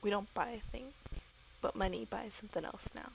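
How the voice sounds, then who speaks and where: A woman voicing a slick, greedy male ghost who robs banks, smooth and persuasive like a salesman. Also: mid-range voice, moderate pace, a little hiss or hum, close to an everyday voice, rough recording. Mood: scheming.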